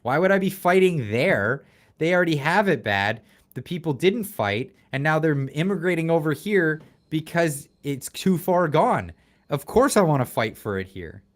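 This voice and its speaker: A man hosting a casual livestream chat, talking in an animated, sarcastic way and laughing often. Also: on the high side, normal speed. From Canada. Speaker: show host.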